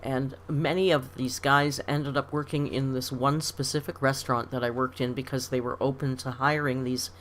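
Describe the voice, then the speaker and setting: A woman's voice: a bass voice, fairly even intonation, moderate pace, hardly any pauses, a little hiss or hum. A middle-aged woman from Canada hosting a casual live stream, reading comments aloud and telling stories with frequent laughs. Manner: chatty storytelling, laughs often. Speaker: livestream host.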